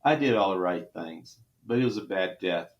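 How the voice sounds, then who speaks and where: Emotional middle-aged Texan man, low voice. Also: expressive, moderate pace, lo-fi sound. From Texas. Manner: earnest, emotional retelling with restarts. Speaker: trauma surgeon. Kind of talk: podcast interview storytelling.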